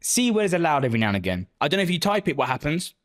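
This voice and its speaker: A man's voice: fairly high pitch, very animated, rapid-fire. A man live-streaming, chatting casually with viewers and answering their messages with lots of swearing and joking banter.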